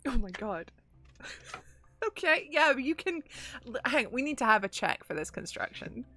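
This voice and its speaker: Woman game master, bright voice, relaxed and jokey, leaning on fillers as she narrates. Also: on the high side, normal speed. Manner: loose and joking, many fillers. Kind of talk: running a tabletop spy game.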